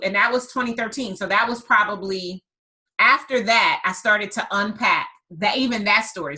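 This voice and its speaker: A woman hosting a podcast and telling a story in a lively conversational way, stressing her points by repeating words. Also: medium pitch, poor audio. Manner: emphatic, repeats words for effect. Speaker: podcast host and business coach.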